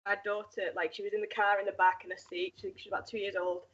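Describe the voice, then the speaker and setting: A woman's voice: medium pitch, flat delivery, fast, fairly bright tone. A woman, chatting frankly as a podcast guest, swearing and laughing often, on a muffled, lo-fi mic. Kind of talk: casual podcast chat.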